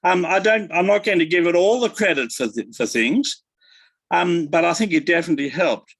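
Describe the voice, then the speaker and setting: Older man, halting scholarly talk. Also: sits high, expressive, gravelly, fairly bright tone, breathy edge, no room sound, low-quality recording. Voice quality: halting, many restarts and fillers. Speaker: guest academic. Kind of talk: conversational interview answer.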